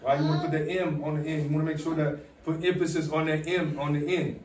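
A man's voice: on the high side, level tone, fast, darkish tone. A male teacher leading a classroom pronunciation drill, repeating rules and coaxing students to repeat after him. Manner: repetitive, coaxing call-and-response teaching. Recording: echoey classroom from far off, faint hum.

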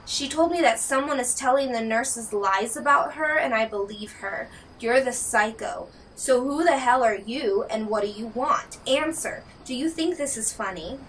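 A woman's voice: a little high, moderate pace, hardly any pauses, distant mic, slight background noise, poor audio. A woman playing an enraged young college guy. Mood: furious. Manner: shouting, confrontational. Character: young male college student, furious then terrified.

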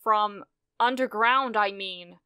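A woman's voice: medium pitch, a little slow, pushed and bright, no room sound, clean studio sound. A woman voicing a nervous young hero girl who speaks hesitantly and trails off, in a fan fiction audiobook.

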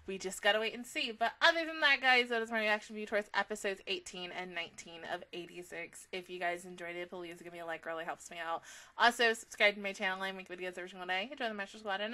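Bright, gushing young woman reviewing anime. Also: mid-range voice, fast. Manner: emotional and gushing, with frequent fillers and swearing. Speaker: anime reaction YouTuber. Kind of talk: casual reaction review.

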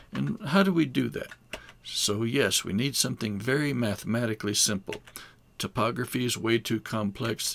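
A man's voice: on the low side, gravelly, fairly bright tone. A man giving a recorded lecture as an instructor, talking in a conversational way with wry asides.

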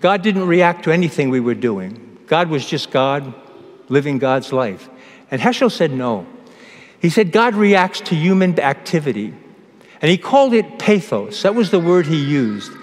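A man who is a priest, giving a homily in a measured preaching manner with pauses and restarts, recorded in a church. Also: fairly high pitch, very animated. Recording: long church reverb.

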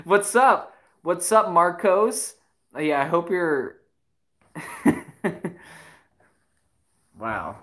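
Casual livestream chat, giggly, excitable, rambling, middle-pitched voice, musician host. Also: takes it slowly, long pauses.

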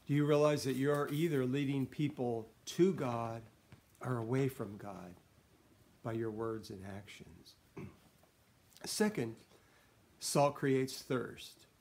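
A middle-aged pastor delivers a devotional talk in an earnest, steady voice of middling pitch. He reads scripture passages aloud and pauses now and then to clear his throat.

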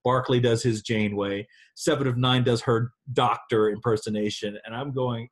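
A man being interviewed over a video call, chatting casually and animatedly with frequent laughs. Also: medium pitch. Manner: animated, laughs often, quick asides. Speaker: actor guest.

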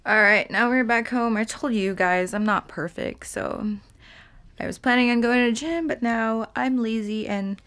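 A woman's voice: fairly high pitch, moderate pace, fairly bright tone, a little hiss or hum. A woman chatting casually in a vlog, rambling and filling her talk with "like" while she eats. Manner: chatty, rambling, heavy use of "like". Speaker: vlogger.

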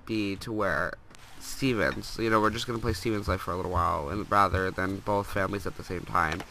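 A man's voice: deep voice, steady tone, fairly quick, creaky, sharp tone, slight background noise. A young man with a stuffed-up nose, rambling casually through gameplay commentary and scolding the characters on screen. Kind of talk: casual let's play commentary.

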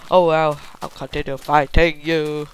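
A young man giving excited, swear-filled live commentary while playing a game, often yelping in panic. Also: fairly high pitch, measured pace, smooth. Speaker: gamer.

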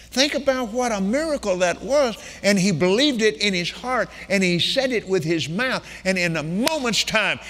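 High, bright older preacher in a hall. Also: male voice, animated, normal speed, hardly any pauses. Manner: retells a testimony in quotes, rising and emphatic. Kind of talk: sermon storytelling. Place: large meeting hall. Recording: long reverb of a large hall.

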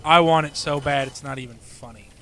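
A man's voice: a little high, steady tone, fairly quick, a bit bright. A man with an Appalachian accent co-hosting a let's play, joking provocatively and stubbornly holding his ground. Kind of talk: casual gaming commentary chat.

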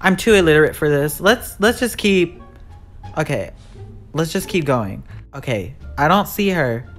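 A woman giving live commentary as she plays a horror game. She talks in an excitable, jumpy way, with sudden shrieks and slangy asides. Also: low-pitched, unhurried, faint music behind. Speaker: gaming YouTuber.

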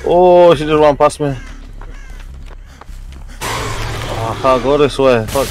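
A man's voice: mid-range voice, slow, long pauses, faint music behind, poor audio. Swearing man narrating his own gameplay. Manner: swears often, talks to himself while playing. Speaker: gamer. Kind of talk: live gameplay commentary.

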